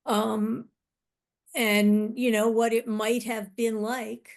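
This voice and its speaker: A woman's voice: on the high side, little pitch movement, takes it slowly. A woman in a casual fan chat, speaking hesitantly and searching for words.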